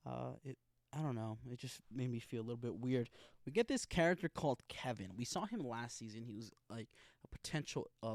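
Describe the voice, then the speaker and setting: Young male host, loose profane slang, rambling recap, mid pitch, dry sound. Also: dry recording. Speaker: podcast host reviewing a TV episode. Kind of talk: casual recap chat.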